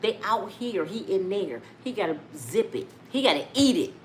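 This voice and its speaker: Animated, loud woman gossip vlogger. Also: mid-range voice, normal speed, slight background noise. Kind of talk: casual celebrity gossip commentary.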